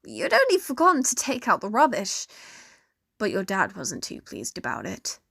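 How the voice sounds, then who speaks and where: A young woman narrating a fan fiction story in second person, in a slow, steady storytelling manner. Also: medium pitch, creaky, breathy edge, dry recording, clean studio sound. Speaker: narrator and voice actor.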